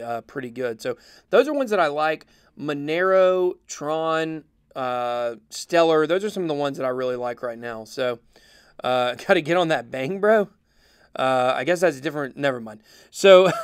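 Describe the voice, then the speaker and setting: Smooth-voiced man rambling through livestream comments. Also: fairly high pitch, no echo, studio quality. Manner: rambling, many fillers, chuckles. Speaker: crypto livestream host. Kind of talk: casual livestream chat reading comments.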